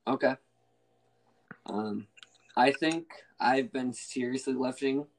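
Relaxed young man hosting a podcast. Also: mid-range voice, slow. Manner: relaxed, rambling with fillers and restarts. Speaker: podcast host. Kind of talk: casual chat.

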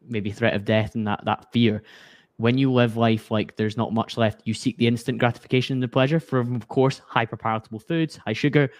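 A man's voice: medium pitch, fairly even intonation, a little fast, dry recording. A man hosting a podcast, summing up his guest's points and asking reflective questions. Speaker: podcast host. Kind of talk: podcast interview.

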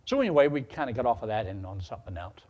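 A man's voice: fairly low pitch, rapid-fire. A male preacher telling a personal story in a sermon, acting out the dialogue as he goes. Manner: animated, acts out dialogue.

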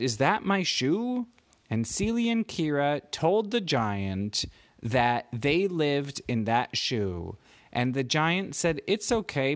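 A man improvising a bedtime story for a child, animated and stopping to ask the child questions. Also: mid-range voice. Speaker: parent telling a bedtime story.

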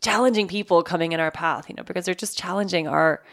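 A woman's voice: lowish voice, fast. A woman hosting a podcast, chatting casually and with enthusiasm. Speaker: podcast host.

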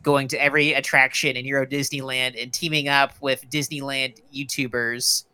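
A man's voice: mid-range voice, flat delivery, normal speed, bright, forceful tone, clean tone. A man co-hosting a comedic movie podcast, rambling and joking with many fillers. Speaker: podcast co-host. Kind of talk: casual comedic movie chat.

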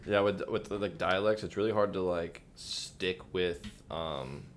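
A man's voice: sits low, measured pace, slight background noise. A man guest on a podcast, a filmmaker, explaining his craft thoughtfully in casual chat, full of likes and you knows.

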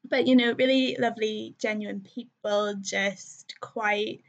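A woman's voice: a little high, fairly even intonation, slow, vocal fry. A young woman telling her story as a podcast guest, chatty and full of ums and likes, laughing often. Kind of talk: casual conversational storytelling. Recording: slightly muffled lo-fi sound.

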